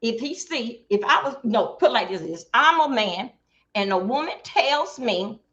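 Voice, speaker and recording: A middle-aged woman with a fairly high voice, talking on a livestream about relationships. She gets animated and acts out both sides of a couple's conversation. Her audio comes through a video call and sounds dull and lo-fi. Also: a little slow. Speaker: guest.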